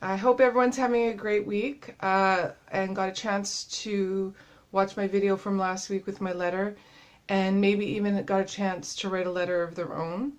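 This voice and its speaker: A woman in her thirties talking to the camera in a casual video diary, sounding winded and worn out, with a halting manner full of pauses and fillers. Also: medium pitch, level tone. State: winded, tired from illness. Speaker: vlogger.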